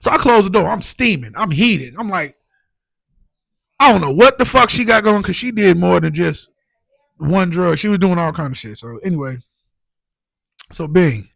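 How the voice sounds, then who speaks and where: A man telling his own story as a podcast guest, animated and emotional, full of "like" and "you know what I'm saying". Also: high-pitched, moderate pace, vocal fry, long pauses, no room sound. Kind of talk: casual storytelling.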